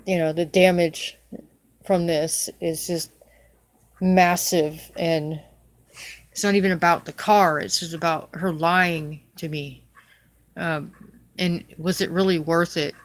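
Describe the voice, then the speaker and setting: A woman's voice: lowish voice, steady tone, takes it slowly, long pauses, dry recording. A middle-aged woman venting angrily in a personal video rant, swearing and repeating herself. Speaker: vlogger. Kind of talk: angry personal rant to camera.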